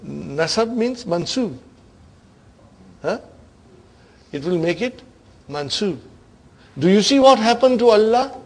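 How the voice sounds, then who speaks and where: Over a rough recording, a high-pitched man leads an Arabic grammar class. He keeps asking his students the same questions and occasionally drops into Urdu.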